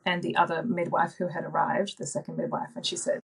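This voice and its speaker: A woman in her thirties, a podcast guest telling a personal story in a soft, reflective way with frequent ums and likes. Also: fairly low pitch, flat delivery, fast, creaky, breathy edge. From Australia.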